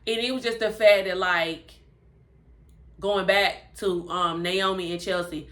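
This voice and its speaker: A woman giving a chatty, animated recap of a TV episode and acting out the characters' lines. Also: medium pitch, measured pace. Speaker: TV show reviewer.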